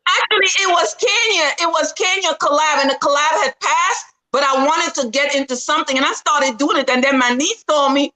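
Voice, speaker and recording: A woman with a Jamaican accent chatting on a video call, playful and teasing, often loud and animated. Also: high voice, a little fast, few pauses, poor audio. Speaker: party guest. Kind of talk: casual chat.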